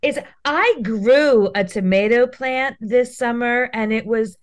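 Unhurried wry comedian woman, a bit high. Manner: wry comic storytelling. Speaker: comedian guest. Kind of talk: casual podcast chat.

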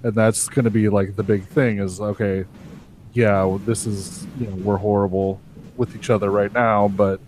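A man's voice: fairly low pitch, flat delivery, moderate pace, a little mellow, slight background noise. A man speculating in a casual podcast chat, often restarting his sentences. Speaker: podcast co-host.

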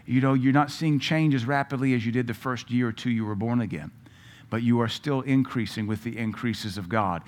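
A man's voice: mid-range voice, brisk. A man preaching a Bible-teaching sermon, emphatic and repeating phrases for stress. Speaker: pastor.

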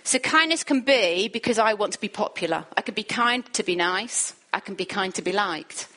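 A woman preaching a sermon in an earnest manner. She builds lists that climb in pitch and drops to a hushed tone for quoted words. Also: lively intonation, moderate pace.

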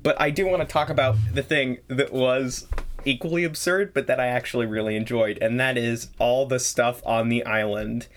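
A teenager hosting a casual movie-review podcast, talking excitedly and acting out scenes. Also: mid-range voice, moderate pace, a little hiss or hum. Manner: animated, acts out scenes with voices. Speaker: podcast host.

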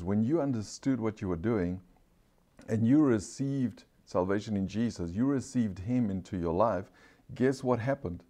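A pastor with an accent preaching a sermon, slowing right down to stress key phrases, calling out for amens and putting questions to the congregation. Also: male voice, mid-range voice, dark tone. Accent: non-standard English accent.

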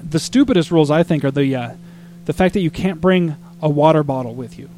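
Chatty man with a higher voice. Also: fairly quick, a little hiss or hum. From Arizona. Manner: animated, exasperated storytelling with acted-out quotes. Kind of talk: casual storytelling chat.

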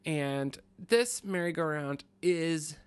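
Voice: medium pitch, takes it slowly, clean tone, no room sound. A podcast co-host telling a long story in casual chat, rambling with restarts. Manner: rambling, many fillers and restarts.

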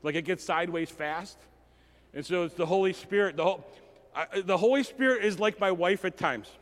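A male pastor preaching a sermon, emotional and animated, often restarting his sentences. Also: sits high, normal speed. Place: church hall. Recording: long hall reverb.

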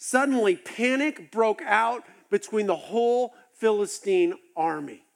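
A man with a high voice preaches a sermon. He tells the story with animated, acted-out asides. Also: unhurried, gravelly. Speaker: pastor.

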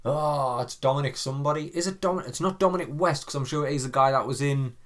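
A man's voice: on the high side, fairly quick. A man co-hosting a podcast, chatting casually, sweary, jokey and rambling. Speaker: podcast co-host. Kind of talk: casual banter.

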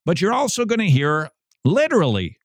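A man hosting a radio show, commenting on a recorded sermon in a slow, emphatic way with wry humor. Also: high-pitched, wildly swooping pitch, no room sound, clean studio sound.

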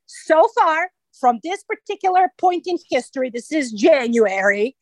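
A woman's voice: high voice, big pitch swings, a little slow, no echo, poor audio. A woman with a Serbian accent, speaking emphatically and passionately as a guest in a radio interview.

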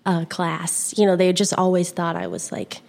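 A woman's voice: on the low side, very animated, brisk, creaky, a little mellow. Young woman guest, chatty and giggly, loose rambling delivery. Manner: giggly, rambling, full of fillers. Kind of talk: casual conversation.

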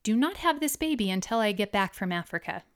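Woman voicing a warm motherly friend. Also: mid-range voice, animated, brisk, close to an everyday voice.

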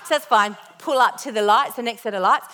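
Bright-voiced woman telling a testimony. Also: a little high, a little fast. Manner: lively, expressive storytelling with self-deprecating humor. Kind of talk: personal testimony in a sermon.

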